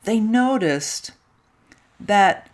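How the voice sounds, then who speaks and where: Slow, gentle woman storyteller. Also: medium pitch, lively intonation. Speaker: intern minister. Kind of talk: children's story retold in a church service.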